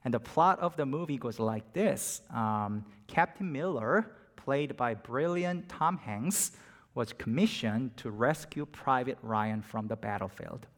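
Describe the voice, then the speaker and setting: Preacher swinging from hush to fervor. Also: male voice, mid-range voice, animated, a little slow. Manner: dynamic, drops to near-whispers and rises to emphatic peaks. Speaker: pastor. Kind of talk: sermon.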